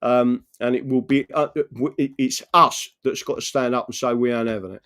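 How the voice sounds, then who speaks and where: A man's voice: mid-range voice, fairly even intonation, fairly quick, a bit bright, clean tone. A man hosting a live political stream, rambling earnestly, often asking "right?" and reading out viewer messages. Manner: reads out and answers viewer messages. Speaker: political livestream host.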